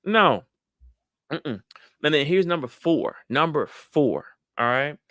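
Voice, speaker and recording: Animated man giving advice. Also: fairly high pitch, unhurried, no room sound, studio quality. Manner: animated, acts out quoted voices, addresses audience as y'all. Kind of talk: motivational talk to a live audience.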